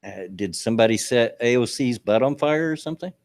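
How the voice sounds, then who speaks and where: A man's voice: mid-range voice, expressive, brisk, creaky, a little mellow, slight background noise. An older man co-hosting a casual online radio chat, folksy and rambling with many fillers. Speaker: co-host.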